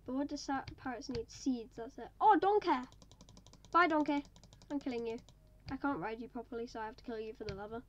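A woman's voice: fairly high pitch, brisk, lo-fi sound, a little hiss or hum. A woman giving casual, chatty commentary to viewers while playing a game. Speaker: gaming video maker.

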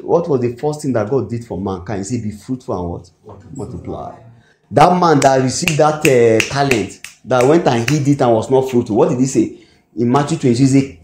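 A man with a Nigerian English accent preaching a sermon, often pausing to ask the congregation "what?" so they fill in the word. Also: medium pitch, darkish tone, a little hiss or hum. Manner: call-and-response, asks the congregation "what?" to fill in words. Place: church hall. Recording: echoey hall recording.

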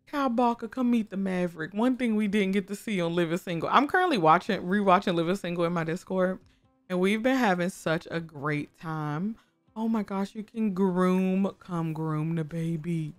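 A young woman giving casual gameplay commentary, gushing, excitable and talking to her game characters, often breaking into high squeals. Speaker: gaming YouTuber. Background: faint background music.

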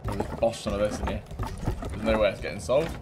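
A man's voice: lowish voice, fairly even intonation, fast, noisy background. A British man running casual gameplay commentary, laughing and swearing as he banters with other players. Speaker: game streamer.

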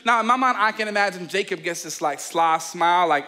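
A male pastor preaches with a high voice and a bright, forceful edge. He acts the story out as he goes and often turns to his listeners to make sure they follow. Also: fast, few pauses. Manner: animated storytelling, acting out scenes; addresses listeners directly. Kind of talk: sermon.

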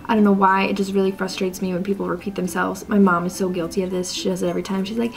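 A woman's voice: mid-range voice, little pitch movement, quick pace, gravelly, faint music behind. Chatty young woman ranting, peppered with "like". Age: young adult. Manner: exasperated, chatty, heavy use of "like", mock-quotes people. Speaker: vlogger. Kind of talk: casual ranting vlog.

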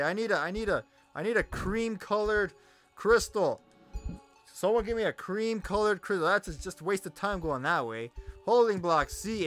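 A young man giving loud, cursing let's-play commentary, yelling at monsters as his voice grows hoarse. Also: on the high side. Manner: loud, swearing, talks to the monsters. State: voice getting hoarse. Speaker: gamer.

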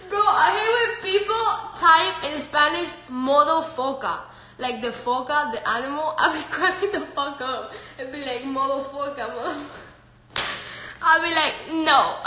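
A woman's voice: high-pitched, sharp tone, a little hiss or hum. A woman hosting a casual live stream on her phone at home, brash, profane and laughing often as she chats and talks to her dogs. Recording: echoey room.

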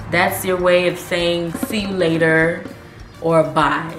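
A woman giving a casual language lesson, chatty, and repeating each phrase slowly. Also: fairly low pitch, fairly bright tone, reverberant, faint music behind. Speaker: language tutor.

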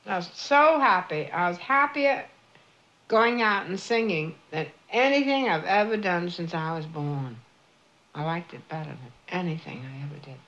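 A woman's voice: on the low side, fairly bright tone. An older woman, once a singer, talking insistently and proudly with her daughter in a candid documentary. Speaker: mother, former singer. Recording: dull lo-fi 1970s film sound.

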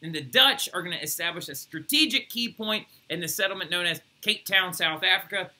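Young male teacher, high bright voice, animated recorded lecture, keeps asking "right?". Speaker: history teacher. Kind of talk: recorded flipped-classroom lecture.

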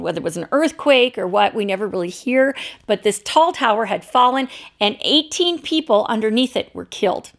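A woman's voice: fairly high pitch, vocal fry, a bit bright. A woman pastor preaching a sermon, telling a story in a loose, unscripted way. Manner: storytelling, unscripted with fillers and restarts.

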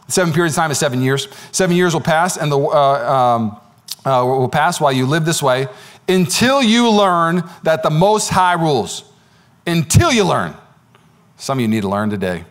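A man who is a pastor, preaching an energetic sermon that swings from loud exclamations to quiet asides. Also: a little high, moderate pace. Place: church.

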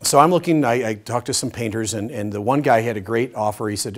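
A middle-aged man leads a Bible study, telling stories with lively energy and swinging between loud, emphatic lines and hushed ones. His voice sits at a medium pitch and he talks fast.

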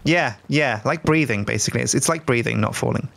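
A man casually coaching a newcomer through a video game, giving patient instructions with an animated, teasing manner. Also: mid-range voice, fairly quick, vocal fry, slight background noise. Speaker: Minecraft mentor. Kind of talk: casual gaming chat.

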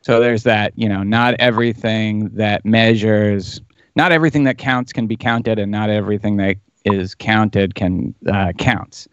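A man's voice: on the low side, steady tone, unhurried, clear, resonant tone, dry recording, lo-fi sound. A male podcast co-host in casual chat, joking and self-deprecating. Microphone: video call.

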